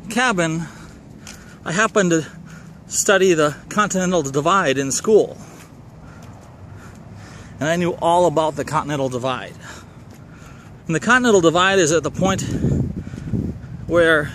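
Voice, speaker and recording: A middle-aged man with a Minnesotan accent tells a personal story in a loose, rambling way, often backing up to correct himself. His voice sits a little high for a man and carries a wry edge. Faint traffic and outdoor ambience hum behind him. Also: fairly bright tone.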